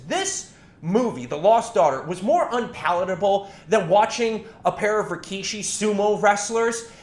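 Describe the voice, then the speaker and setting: Man, film reviewer, sarcastic and rambling, lively up-and-down pitch, echoey room. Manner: sarcastic, rambling, self-correcting. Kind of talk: casual opinion monologue.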